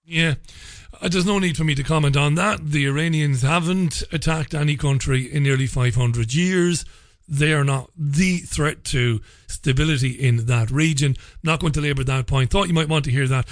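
A man with a slightly higher voice hosts a radio talk show in a chatty, opinionated style. He is recorded dry and close, with no room sound. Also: no room sound. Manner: chatty, opinionated, quick asides.

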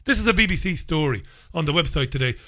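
A man's voice: on the high side, lively intonation, fast talker, bright, forceful tone. A man hosting a talk radio show, rambling through listener messages in a sarcastic, mocking monologue.

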